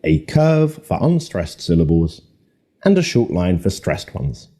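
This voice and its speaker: A man giving scripted narration for an educational video, with a measured, clear explanatory delivery. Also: low voice, very animated, mellow.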